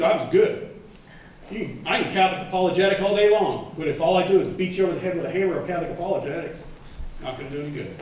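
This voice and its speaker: Animated man speaking in an echoey hall. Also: fairly high pitch, racing, recorded from a distance, a little hiss or hum. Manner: animated, joking, quizzes the audience. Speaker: keynote speaker. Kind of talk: lively conference keynote talk. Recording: echoey hall, mic set back.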